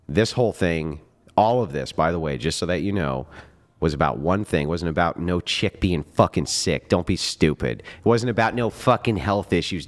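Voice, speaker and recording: A man giving heated, profane commentary after a debate, emphatic and mocking. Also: rumbling low.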